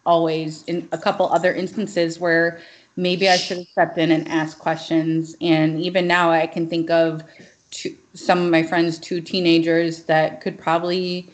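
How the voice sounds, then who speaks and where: A woman's voice: on the low side, little pitch movement, a little slow. A woman in casual podcast conversation, speaking earnestly and emphatically, often saying "like".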